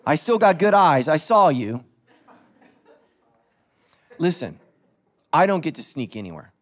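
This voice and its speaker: A man's voice: on the high side, sing-song, measured pace, a bit bright. A man preaching as a pastor to his congregation, telling funny stories in a loose conversational sermon that he speaks straight to the crowd. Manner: joking storyteller, talks straight to the congregation. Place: church stage before a congregation.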